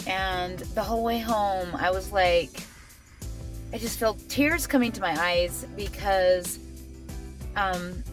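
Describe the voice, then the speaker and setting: Speaking slowly in a medium-pitched voice, a middle-aged woman chats to the camera for her family vlog, with faint music in the background. She's emotional and talkative, full of "like," recording in her car before moving inside her home.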